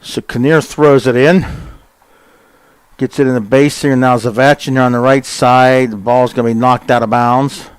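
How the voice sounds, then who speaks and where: A man announces a local soccer match with homespun chatter, pausing for fillers and picking up speed when the play gets close to goal. His voice sits in the middle range. The sound is dry and close to the mic. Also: mid-range voice, fairly even intonation, smooth, dry recording. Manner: folksy and chatty, with many fillers, quickening on shots. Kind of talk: casual sports commentary. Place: high school soccer game broadcast.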